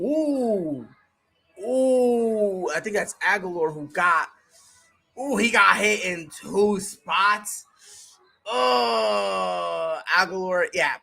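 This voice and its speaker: A streamer giving casual live play-by-play commentary, slangy and excitable, chatting with viewers between plays. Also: mid-range voice, extremely slow, vocal fry, pauses often, faint music behind. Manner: excitable, bursts into shouted reactions and laughter. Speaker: sports streamer.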